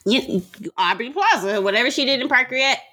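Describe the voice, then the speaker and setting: A woman co-hosting a podcast in casual chat, expressive and playful, joking and laughing as she talks. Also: sits high, a little fast. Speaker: podcast co-host.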